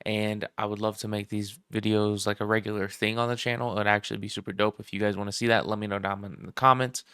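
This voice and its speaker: Gravelly low-voiced man, hyped comic talk. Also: fast, no echo, clean studio sound. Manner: excited, slangy, swears freely. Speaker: comic book channel host. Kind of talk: casual comic review.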